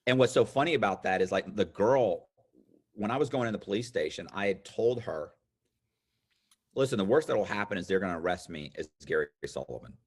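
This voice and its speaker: A man in his fifties with a lowish voice tells his story as an interview guest. He talks casually and animatedly, slipping into the voices of the people he quotes. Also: expressive, brisk, husky. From United States. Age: 50s.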